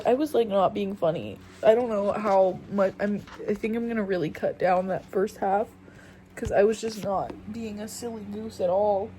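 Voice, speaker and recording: A young woman with a medium-pitched, dark-toned voice hosts a solo podcast, chatting casually into a phone camera in a rambling, slangy, self-mocking way. The audio is poor, with slight background noise.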